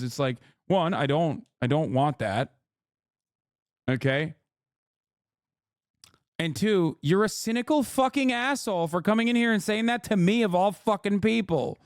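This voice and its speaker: A man's voice: sits high, animated, measured pace, clean tone, dry recording, studio quality. A man streamer giving heated political commentary, ranting with exasperation and heavy swearing. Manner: mocks others in put-on voices.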